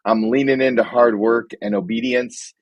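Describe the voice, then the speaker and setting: Husky-voiced male podcast host. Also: mid-range voice, fairly even intonation, moderate pace, no room sound, dull audio. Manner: probing, pushes with follow-up questions. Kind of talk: casual interview chat.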